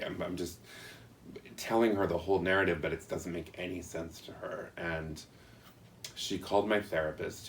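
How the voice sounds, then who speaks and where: Very deep-voiced man, earnest and halting. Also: far from the mic, a little hiss or hum. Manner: earnest, halting, reflective storytelling. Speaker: interviewee. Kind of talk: personal account in an interview.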